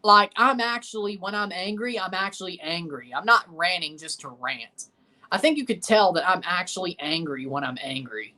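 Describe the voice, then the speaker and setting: A man's voice: sits high, moderate pace, sharp tone. A man hosting a livestream watchalong, reacting to a soccer match and answering chat in a blunt, opinionated way that circles back over the same points. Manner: opinionated, blunt, repeats himself. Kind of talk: casual live match reaction and chat replies.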